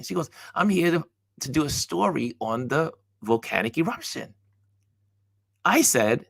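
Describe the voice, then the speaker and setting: A man with a gravelly, creaky voice hosts a motivational talk, telling a personal story with lively, acted-out dialogue. The recording is close and dry, with no room echo. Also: fairly high pitch, moderate pace. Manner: animated storyteller acting out dialogue. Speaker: host.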